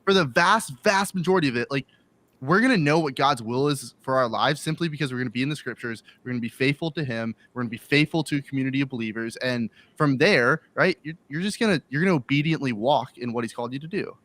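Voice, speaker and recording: A man's voice: medium pitch, fast talker, no room sound. Man talking casually, dry sound. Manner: relaxed, many "like" fillers. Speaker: Christian streamer. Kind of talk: casual panel discussion.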